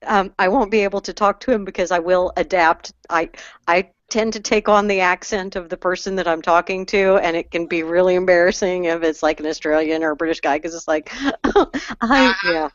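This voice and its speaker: A woman co-hosting a podcast in casual chat, giggly and animated. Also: on the low side, moderate pace, no room sound, muffled recording. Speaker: podcast co-host.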